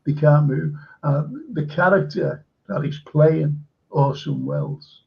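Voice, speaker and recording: Speaking slowly in a slightly high, creaky voice with a steady tone, the host of a live-stream chat rambles through enthusiastic stories packed with fillers. The audio has its highs cut off.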